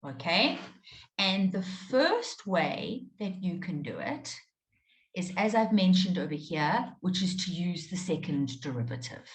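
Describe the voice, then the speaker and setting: A woman's voice: fairly low pitch, big pitch swings, a little slow. A woman teaching a live online maths class, explaining steps patiently and checking in with her students often. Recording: roomy echo.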